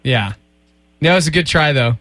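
A man's voice: fairly high pitch, lively intonation, a bit bright, dry recording. A man hosting a morning radio show in the studio, joking around casually and laughing often. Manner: jokey, quick, laughs often. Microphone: studio microphone.

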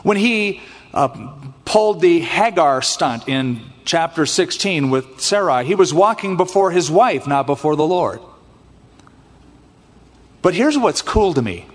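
A man in a church sanctuary delivers an expressive sermon, his voice pitched a little high. A long reverb trails each phrase. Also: a little slow. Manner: expressive preaching that acts out scripture voices. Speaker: pastor.

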